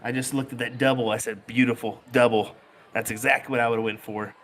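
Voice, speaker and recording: Brief: male darts commentator, easygoing banter, mid-pitched voice. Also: quick pace. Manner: relaxed, chatty, laughs easily. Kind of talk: live sports commentary.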